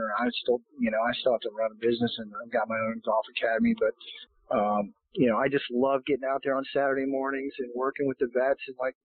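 Hoarse male guest, rambling and casual, phone-line quality. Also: medium pitch. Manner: rambling, many restarts and fillers. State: hoarse, losing his voice. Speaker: golf professional, guest.

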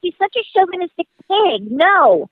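High, flustered woman on a phone line. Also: sing-song, moderate pace, no room sound. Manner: indignant, flustered. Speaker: call recipient.

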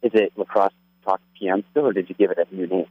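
A man's voice: low-pitched, fairly even intonation, fast talker, breathy edge, dry recording. A man calling in to a radio show on his cell phone, easygoing and hesitant. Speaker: caller. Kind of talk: casual phone call. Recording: tinny phone line.

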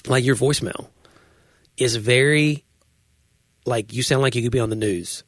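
A man from Tennessee with a Southern US accent chats on a podcast, hedging and circling his point with lots of fillers. His voice sits at an ordinary pitch, recorded close and dry. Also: normal speed, no room sound. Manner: chatty, hedging, full of fillers. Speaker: podcast co-host. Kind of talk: casual chat.

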